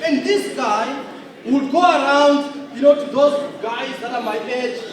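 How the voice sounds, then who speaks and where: A man giving a motivational speech at an awards event, emphatic and often shouting. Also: extremely high pitch, unhurried. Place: large indoor hall. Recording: echoey hall from far off.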